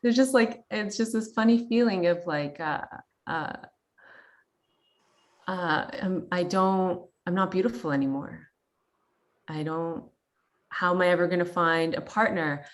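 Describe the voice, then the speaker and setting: A woman's voice: fairly low pitch, a little slow, long pauses. A woman in her thirties from Canada, sharing a personal story in a candid, chatty way full of fillers and quoted thoughts. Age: 30s. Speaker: guest.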